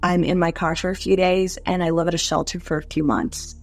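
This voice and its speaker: Lowish-voiced young woman telling her story. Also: little pitch movement, a little fast, darkish tone, faint music behind. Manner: candid, conversational, many "like" fillers. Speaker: interview guest. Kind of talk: personal storytelling interview.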